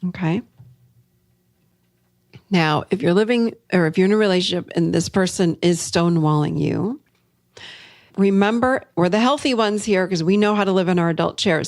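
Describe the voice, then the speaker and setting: Gravelly-voiced woman podcast therapist. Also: fairly low pitch, moderate pace, dry recording, studio quality. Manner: animated, acts out client quotes. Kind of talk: solo podcast talk.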